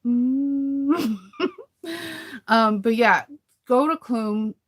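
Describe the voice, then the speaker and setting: A woman's voice: a little high, very slow. Woman host, casual live-stream chatter, rambling, giggly. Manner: rambling, chatty, laughs often. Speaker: sewing channel host. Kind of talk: casual live chat with viewers.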